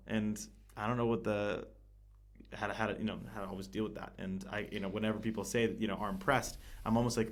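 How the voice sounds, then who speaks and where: A man with a somewhat low voice chats on a podcast. He circles his points, breaks off mid-phrase and fills the gaps with "uh" and "you know", laughing easily at himself. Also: level tone, fast. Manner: hesitant, many restarts and fillers, laughs easily. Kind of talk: casual conversation. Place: living in Italy.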